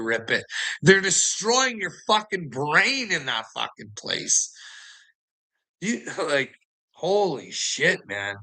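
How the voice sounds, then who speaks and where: A man's voice: on the high side, big pitch swings, slow pace, bright, forceful tone, low-quality recording. A man ranting in a casual chat to a friend, agitated and heavy on profanity, laughing often between lines. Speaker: person telling his story.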